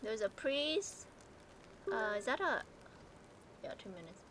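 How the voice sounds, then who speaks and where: A woman streaming a game live, chatting with her viewers, excitable and laughing often as she plays. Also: fairly high pitch, slow pace, background noise. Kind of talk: live gameplay commentary.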